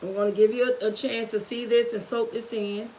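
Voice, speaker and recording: A woman's voice: fairly high pitch, level tone, dark tone, slight background noise, low-quality recording. Nervous, earnest woman live-streaming. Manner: halting and earnest, with many restarts. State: nervous, holding back tears. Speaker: YouTuber. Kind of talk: emotional live-stream talk.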